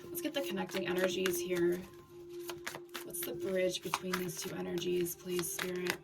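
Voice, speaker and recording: A woman giving a tarot reading in a scratchy voice, talking haltingly with fillers and restarts. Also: fairly low pitch, completely flat delivery, vocal fry. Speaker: tarot reader. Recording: distant mic with background music.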